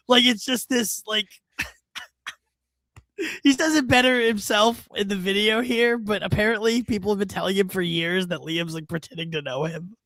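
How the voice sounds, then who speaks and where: High-voiced man chatting drily. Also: normal speed, bright, forceful tone, no room sound. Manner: rambling, amused, full of fillers. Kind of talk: casual gossipy chat.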